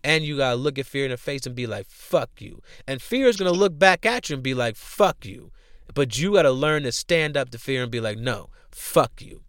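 Young male podcast host, smooth voice, slangy, profane, repetitive motivational rant. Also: medium pitch, lively intonation, fast, few pauses, fairly bright tone, no echo, studio quality. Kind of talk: casual motivational talk.

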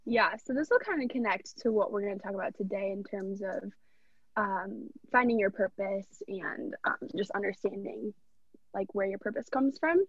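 A woman's voice: medium pitch, normal speed, husky, dry recording. A young woman, a podcast guest, telling a personal story in an earnest, rambling, heartfelt way. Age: young adult. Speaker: podcast guest, college athlete. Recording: dull, dry lo-fi recording.

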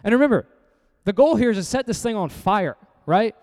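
Earnest preacher in a reverberant hall. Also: male voice, high voice, lively intonation, brisk, a little mellow. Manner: earnest, conversational preaching with rhetorical questions. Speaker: pastor. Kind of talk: sermon with scripture reading.

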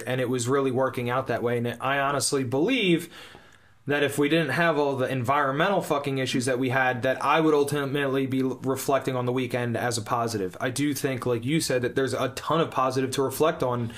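A man's voice: mid-range voice, fairly bright tone. A man co-hosting a podcast, talking frankly in casual chat and swearing freely. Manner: frank, swears freely, restarts his sentences. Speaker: podcast co-host.

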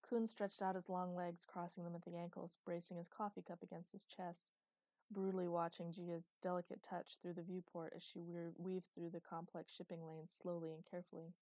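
A woman narrating a science-fiction story in a steady storytelling manner. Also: on the low side, normal speed, dry recording. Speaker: audiobook narrator. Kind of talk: scripted narration.

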